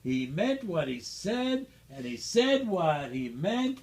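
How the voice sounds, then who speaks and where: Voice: medium pitch, very animated, slow, few pauses, a little mellow. A reader at a school event reading a rhyming picture book aloud with dramatic, rhythmic expression.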